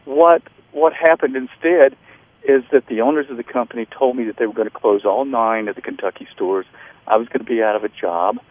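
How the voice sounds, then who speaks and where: A middle-aged man calls in to a radio interview, his dry voice squeezed thin by a phone line. He tells his story earnestly and haltingly, restarting sentences and leaning on fillers. His voice sits at an ordinary middle pitch. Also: no room sound. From North Carolina. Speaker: author guest.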